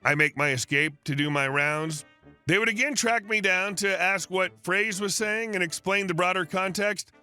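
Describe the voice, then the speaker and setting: Casting: male narrator, scripted and even, bright sharp tone. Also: sits high, normal speed, smooth, faint music behind.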